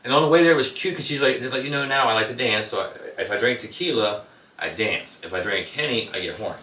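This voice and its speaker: Male interview guest, quick, rambling storyteller, recorded off-mic in a roomy space. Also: mid-range voice, lively intonation, pushed and bright, a little hiss or hum. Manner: rambling anecdotes. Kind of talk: casual storytelling. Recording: echoey room, mic at a distance.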